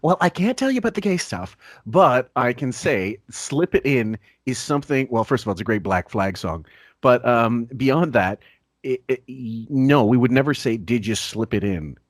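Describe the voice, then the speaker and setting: A man hosting a podcast in casual chat, laughing often, swearing freely and dropping his voice low for asides. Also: expressive, moderate pace, no room sound, clean studio sound. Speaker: podcast host.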